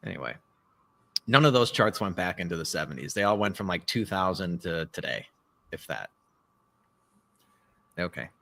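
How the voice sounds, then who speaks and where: A man co-hosting a live podcast, talking in a rambling, animated way and swearing often. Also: low voice, moderate pace, gravelly, pauses often. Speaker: podcast co-host. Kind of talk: casual political chat. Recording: live stream call.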